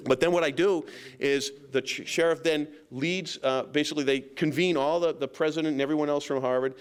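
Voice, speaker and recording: Man, county sheriff, smooth resonant voice, rambling self-deprecating storytelling, lots of fillers. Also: fairly high pitch, fairly even intonation, brisk. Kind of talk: casual storytelling talk to a local meeting.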